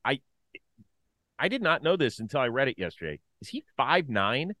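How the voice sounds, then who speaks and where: Lively, animated male sports host. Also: medium pitch, moderate pace, no echo. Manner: animated, swings from loud jokes to mumbled asides. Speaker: baseball show co-host. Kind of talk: casual sports talk.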